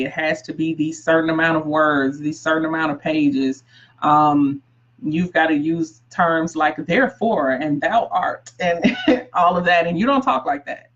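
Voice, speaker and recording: A woman's voice: fairly low pitch, a bit bright, lo-fi sound. Emphatic woman coaching live viewers. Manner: emphatic, repeats key phrases, greets viewers by name. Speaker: book coach. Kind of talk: live-streamed coaching talk.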